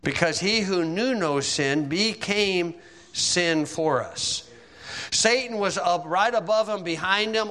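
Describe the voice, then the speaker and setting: Male preacher, vivid dramatic storyteller, sharp bright tone, long hall reverb. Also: fairly high pitch. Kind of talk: sermon.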